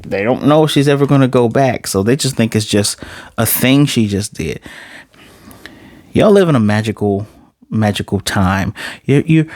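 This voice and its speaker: A man's voice: on the low side, a little mellow, dry recording, clean studio sound. A man casually recapping and reviewing an anime episode, rambling, correcting himself as he goes, blunt and sometimes profane.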